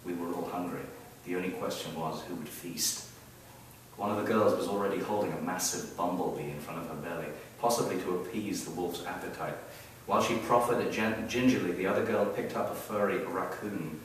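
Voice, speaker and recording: A man reading his own story aloud at a live event, wry and expressive, building up the action. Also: deep voice, a little fast, slight background noise. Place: event hall, heard from the audience area. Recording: very echoey hall, mic far off.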